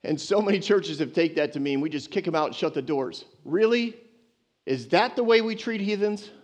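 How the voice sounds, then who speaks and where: Pastor, male, high voice, lively conversational sermon with jokes. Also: a little fast. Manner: lively, conversational preaching with playful asides.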